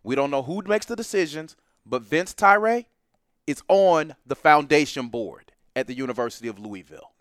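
Emphatic, animated man, higher voice. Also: moderate pace, clean tone, dry recording, clean studio sound. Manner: emphatic, animated, bursts into loud laughter. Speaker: professor and podcast guest. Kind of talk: heated podcast discussion.

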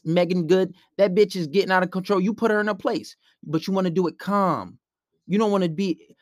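A man's voice: high voice, no echo, clean studio sound. A man, giving blunt, profane dating advice in a casual monologue and acting out both sides of arguments.

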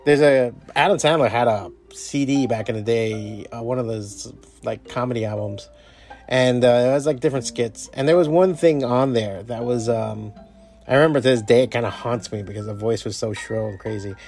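A man's voice: medium pitch, moderate pace, darkish tone, soft background music. A man hosting his own podcast, talking in a casual, rambling, profanity-heavy motivational monologue. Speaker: podcast host.

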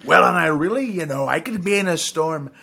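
A swaggering, grandstanding politician who rambles from one boast to the next, put on by a man. The voice sits high, with a gravelly rasp and a bright, pushy edge. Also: brisk, exaggerated voice. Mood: blustering. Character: boastful blustery male politician impression. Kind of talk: comic impression in podcast banter.

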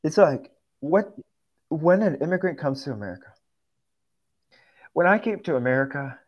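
A man's voice: fairly high pitch, lively intonation, normal speed, lo-fi sound. A man speaking as a guest on a political talk show, emotional and close to tears, stammering and repeating phrases.

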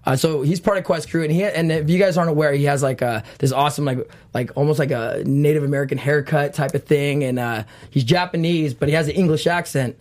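A man, a dancer guest, telling animated stories in a casual interview, laughing often and acting out other people's lines. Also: fairly high pitch, quick pace, hardly any pauses.

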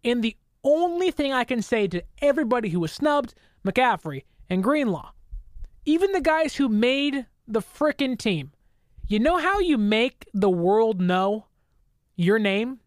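A woman giving an opinionated sports talk to camera, indignant and animated, slipping into mocking quoted voices. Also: fairly high pitch, unhurried, dry recording, studio quality. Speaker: sports commentator.

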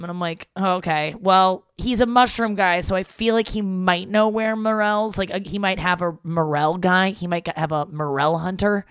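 A woman's voice: fairly low pitch, steady tone, moderate pace, smooth, dry recording, clean studio sound. A young woman hosting a podcast from home, rambling in a casual, irritated monologue and swearing freely. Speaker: podcast host.

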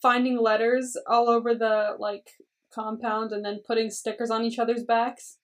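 A woman's voice: on the high side, flat delivery, normal speed, far from the mic. A woman co-hosting a podcast, chatting casually and giggling as she retells scenes. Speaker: podcast co-host. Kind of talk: casual chat.

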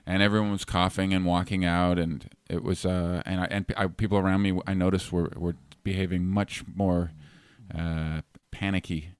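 Deadpan comedian guy, really low smooth voice, dry studio sound. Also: no echo. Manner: deadpan, halting storytelling. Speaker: comedian guest. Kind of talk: casual podcast chat.

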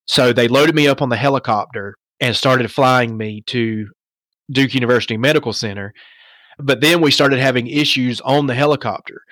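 A man recounting a personal story as a podcast guest, with lively rhetorical asides and self-questioning. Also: medium pitch, normal speed, no room sound.

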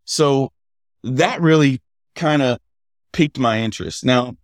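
A middle-aged man from the United States, a podcast guest telling lively stories and laughing as he goes. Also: medium pitch, a little slow, no room sound. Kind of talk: casual storytelling chat.

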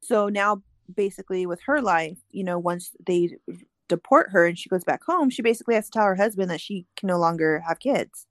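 A woman's voice: mid-range voice, brisk, no room sound, studio quality. A woman on a casual podcast, reading out and explaining a news story with frequent ums and restarts. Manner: explanatory, reads aloud with many ums.

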